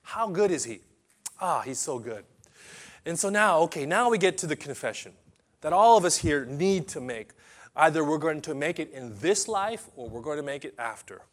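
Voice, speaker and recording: A male pastor preaching a dramatic sermon, swinging from loud declarations to quiet asides. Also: a little high, lively intonation, moderate pace.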